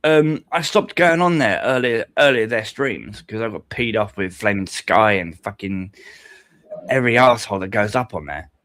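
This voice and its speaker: A man's voice: fairly low pitch, expressive, normal speed, fairly bright tone, dry recording, clean studio sound. A man, talking on a live stream panel in a rambling, hesitant, sweary way. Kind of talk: casual stream chat.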